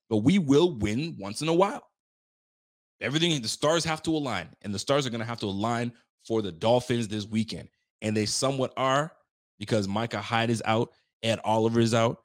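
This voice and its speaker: A man hosting a casual sports talk show, ranting emphatically, trash-talking and often repeating himself. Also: mid-range voice.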